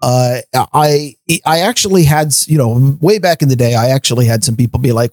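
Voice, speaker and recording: A man's voice: medium pitch, brisk, hardly any pauses, darkish tone, no room sound. A middle-aged man co-hosting a podcast, ranting in casual chat, often stammering on restarts. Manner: ranting, stammers on restarts, laughs between points. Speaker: podcast co-host.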